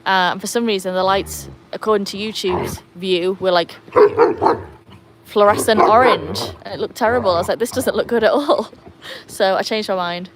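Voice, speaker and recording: Very noisy audio of a woman with a medium-pitched voice talking at normal speed. She's hosting a casual live stream for her dog channel outdoors beside a pool, chatty and rambling with lots of fillers.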